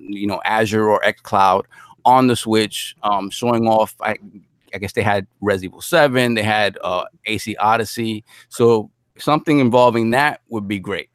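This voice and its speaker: A man's voice: lowish voice, moderate pace, no echo. A man co-hosting a casual gaming livestream, talking in a laid-back way with lots of fillers. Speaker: co-host.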